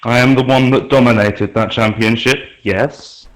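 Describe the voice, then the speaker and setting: A man's voice: mid-range voice, steady tone, normal speed, low-quality recording. A man talking as a player in a tabletop game in a dry, matter-of-fact way. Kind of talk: casual tabletop game talk.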